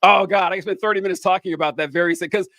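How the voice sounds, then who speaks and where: Man, from the South, casual chat, self-interrupting, laughs often, slightly high voice, dry close mic. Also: steady tone, very fast, fairly bright tone, dry recording. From American South. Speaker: podcast host.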